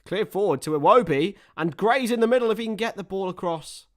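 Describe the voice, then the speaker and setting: A man with a high, expressive voice talks briskly as he casually commentates a football match live. He chats with his viewers, responding to their messages in between the play-by-play.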